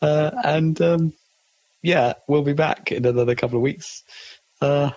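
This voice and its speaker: A man hosting a podcast in casual chat, amused and quick to chime in. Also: on the high side, fairly even intonation, a little mellow. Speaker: podcast host.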